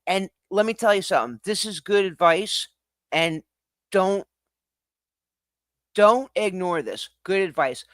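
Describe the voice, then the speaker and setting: A man hosts his own livestream and rants to the viewers, cursing and laughing as he goes. His voice sits a little high for a man. The sound is dry and close, with no room around it. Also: measured pace, pauses often, no room sound. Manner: animated, swearing, laughing ranter. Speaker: livestream host. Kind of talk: casual ranting livestream. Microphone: streaming setup mic.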